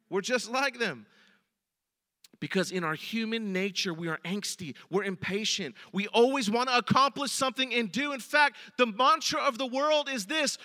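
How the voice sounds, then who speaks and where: Man, pastor, sermon, very high voice, sharp bright tone, long hall reverb. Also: moderate pace. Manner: conversational preaching, addresses the congregation directly.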